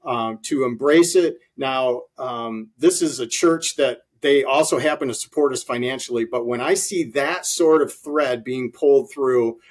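A man's voice: mid-range voice, a little slow, hardly any pauses. A man guest in an interview, telling earnest stories with many ums and uhs. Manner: earnest storytelling with many fillers. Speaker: ministry leader guest. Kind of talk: conversational interview.

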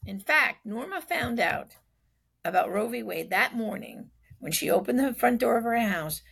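A woman recounting a story in a casual, animated way, full of fillers and acted-out quotes. Her voice is deeply gravelly with strong fry, and husky rather than clean. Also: normal speed. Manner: animated, acts out quoted speech, frequent fillers. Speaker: speaker recounting a personal acquaintance's story. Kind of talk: conversational storytelling.

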